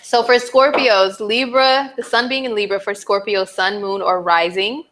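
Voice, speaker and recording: A young woman astrologer giving a casual, chatty forecast to her viewers, animated, with playful exclamations and frequent fillers. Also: medium pitch, moderate pace.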